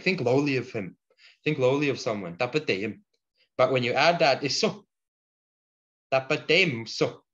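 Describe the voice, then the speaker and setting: A man teaching a language class, patiently explaining word forms and repeating each example slowly for the learners. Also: mid-range voice, fairly bright tone. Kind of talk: online language lesson. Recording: dull lo-fi audio.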